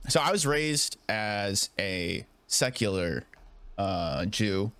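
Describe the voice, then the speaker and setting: Man, podcast guest, hesitant, halting, low voice. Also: animated, fairly bright tone, clear, resonant tone, no echo. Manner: hesitant, halting, many restarts. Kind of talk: casual chat.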